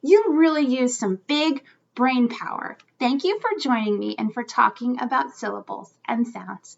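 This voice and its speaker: A woman teaching young children a phonics lesson, sounding out words slowly and encouragingly. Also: high-pitched, expressive, gravelly, highs cut off.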